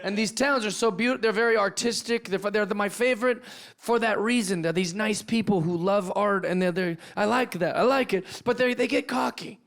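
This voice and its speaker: A male stand-up comedian doing a brash, profane set, slipping into quick character voices. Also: high-pitched, gravelly. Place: comedy club stage with live audience. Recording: live club set with loud crowd laughter. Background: audience laughing.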